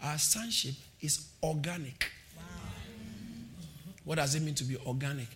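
A man preaching a sermon, shouting calls to the congregation and repeating phrases with a sing-song emphasis. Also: a little high, measured pace, noisy background. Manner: repeats phrases, laughs between points.

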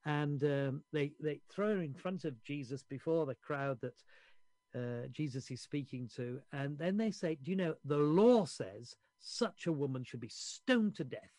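A man's voice: a little high, darkish tone, no room sound. A man preaching a sermon in a conversational storytelling way, acting out the quoted voices and often restarting his words.

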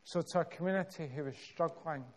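A Scottish man preaching a sermon, telling a story with measured, dramatic pauses and building emphasis. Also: fairly high pitch.

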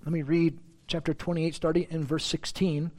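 A middle-aged man, a pastor preaching a sermon in church, talking in a conversational, self-deprecating way and getting louder when he stresses a point. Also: a little high, flat delivery, normal speed. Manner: conversational, self-deprecating, rising loud on emphasis.

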